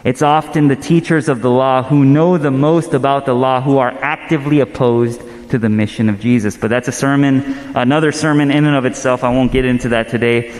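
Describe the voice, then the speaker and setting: A man in his thirties preaching a sermon, casual and animated, telling stories with quick asides. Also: mid-range voice, long reverb tail. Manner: conversational, animated storytelling with asides. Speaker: pastor.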